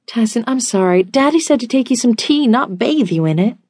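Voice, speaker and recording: A woman voicing a flustered, jealous young woman who squeaks and stammers in a high voice. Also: expressive, brisk, darkish tone, breathy edge, dry recording, clean studio sound. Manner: breathless, squeaky, high-pitched.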